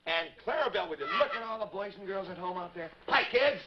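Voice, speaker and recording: A man with a high voice hosts a live children's show, coaxing the kids in a friendly way. The sound is dull and lo-fi, with steady hiss from an early 1950s TV recording. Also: fast. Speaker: children's TV host. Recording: noisy lo-fi 1950s TV broadcast.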